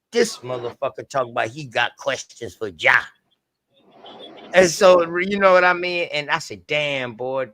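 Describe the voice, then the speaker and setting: A man's voice: medium pitch, pushed and bright. A man with a Southern US accent hosting a livestream, telling an emotional story in raw, profane, heartfelt talk. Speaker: livestream host.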